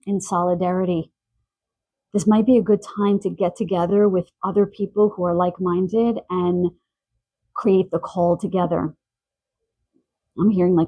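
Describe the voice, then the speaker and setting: A woman giving a spiritual pick-a-card reading, gentle and searching, relaying messages with pauses and fillers. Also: mid-range voice, dry recording, low-quality recording. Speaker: tarot card reader. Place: quiet room in the evening.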